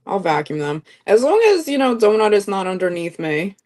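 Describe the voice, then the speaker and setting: A woman's voice: medium pitch, very animated, moderate pace, a little mellow. A woman guest chatting casually about her craft project, rambling with lots of "like" and "I mean". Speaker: livestream guest. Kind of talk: casual chat while crafting.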